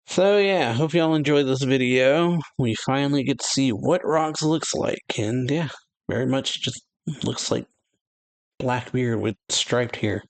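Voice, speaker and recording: Speaking slowly in a mid-range voice and pausing often, a male anime reaction YouTuber reads through comic pages in a casual video. He chats loosely between pages and laughs a lot.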